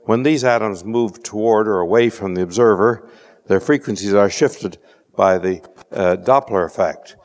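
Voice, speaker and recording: Measured male lecturer in a reverberant hall. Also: on the low side, darkish tone. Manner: measured, dry wit, frequent uh fillers. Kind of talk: scientific lecture.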